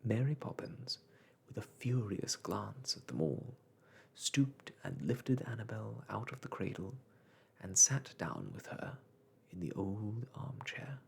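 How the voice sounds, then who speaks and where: A storyteller reading a classic children's book aloud in a soft whispered role-play voice. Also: medium pitch, lively intonation, slow pace, creaky, husky.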